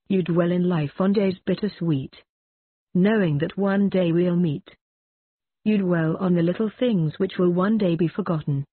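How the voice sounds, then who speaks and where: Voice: mid-range voice, no room sound. A reader doing a curt skeletal Reaper. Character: skeletal male Reaper in monk's robes, curt. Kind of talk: reading a ballad aloud. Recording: husky voice on a tinny phone-like line.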